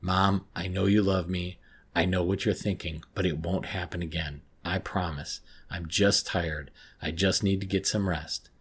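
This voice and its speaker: A man's voice: deep voice, fairly even intonation, unhurried, husky, exaggerated voice. A man voicing an anxious, sleep-deprived teenage girl who insists she is fine, in a horror story reading. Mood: pleading.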